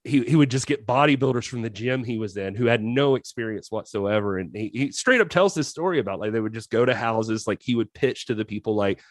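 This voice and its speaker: A man's voice: medium pitch, a little fast, few pauses, no room sound, clean studio sound. A man co-hosting a casual film podcast, telling stories in a rambling way with many fillers and restarts. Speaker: podcast co-host. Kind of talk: casual chat.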